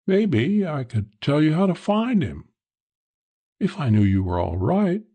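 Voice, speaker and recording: A man doing a high, coaxing barroom girl. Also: big pitch swings, measured pace, warm tone, breathy edge, heavily acted.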